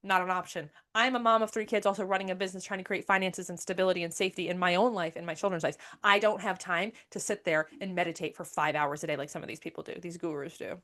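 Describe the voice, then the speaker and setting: A woman's voice: fairly low pitch, fairly even intonation, fast, hardly any pauses, a bit bright. A woman in her thirties talking candidly as a podcast host, emphatic and swearing freely, often repeating her phrases. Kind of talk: candid monologue.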